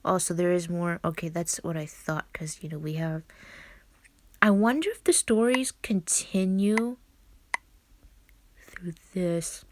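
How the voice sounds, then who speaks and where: A woman's voice: lowish voice, measured pace, long pauses, slight background noise. Giggly young woman reading a game story. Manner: giggly, chatty asides. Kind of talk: casual reading with commentary.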